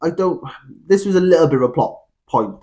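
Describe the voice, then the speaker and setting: A man's voice: a little high, animated, brisk, dark tone. A man co-hosting a film podcast, retelling scenes in a rambling, hedging way. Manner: rambling, hedging with "sort of" and "kind of". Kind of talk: casual film review chat.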